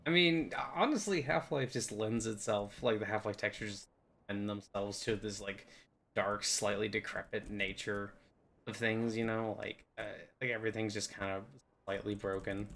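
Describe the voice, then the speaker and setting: A man's voice: fairly low pitch, a bit bright, a little hiss or hum. A young man giving a rambling, goofy tour of a game map, joking and putting on silly voices now and then. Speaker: game video host.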